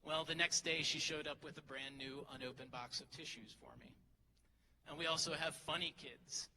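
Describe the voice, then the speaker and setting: In a large hall during a graduation ceremony, a middle-aged teacher jokes his way through a speech, teasing others and poking fun at himself at the podium microphone. His voice sits on the high side, steady, pushed and bright at a moderate pace. The audio has hall reverb, faint crowd sounds, and a little hiss or hum.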